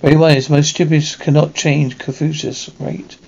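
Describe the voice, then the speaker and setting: A man's voice: on the high side, level tone, normal speed, vocal fry, a little mellow. A man voicing an elderly male shopkeeper who speaks in clipped broken phrases and quotes proverbs, on a dull lo-fi recording. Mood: terse.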